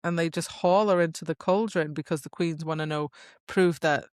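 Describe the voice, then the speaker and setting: A woman co-hosting a casual book podcast, chatty and quick to slip into characters' voices. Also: deep voice, steady tone, clean tone, dry recording, studio quality. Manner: chatty, jumps into characters' voices, laughs while retelling. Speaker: podcast co-host. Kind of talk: casual book-club chat.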